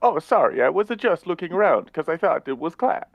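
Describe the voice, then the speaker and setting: A man's voice: on the high side, very animated, fairly quick, creaky, no echo, dull audio, voice pushed up, exaggerated voice. A melodramatic teenage goth girl with a put-on Italian accent, voiced by a man. The voice sits above his usual register and swoops widely, each line an overblown outburst in a dry, close-sounding space. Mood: sheepish. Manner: exaggerated, swearing outbursts.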